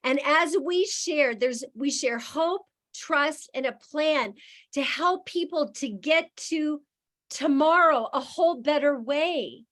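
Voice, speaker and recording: High-voiced emotional woman on a call. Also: takes it slowly, fairly bright tone. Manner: emotional, emphatic, repeating phrases for effect. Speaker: guest speaker on a network marketing call. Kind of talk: motivational speech on a video call. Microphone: video call.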